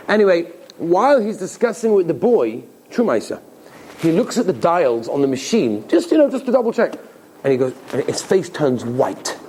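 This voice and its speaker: A man, a rabbi, giving a Torah class as an animated, emphatic storyteller who acts out the people in his stories. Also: fairly high pitch, a little hiss or hum.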